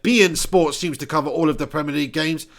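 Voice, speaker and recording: Brief: young man, casual live-stream host, slightly high voice, salty language. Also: brisk, a bit bright. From Dorset, England. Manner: casual, chatty, swears freely. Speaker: football watch-along host. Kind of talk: live-stream commentary and chat.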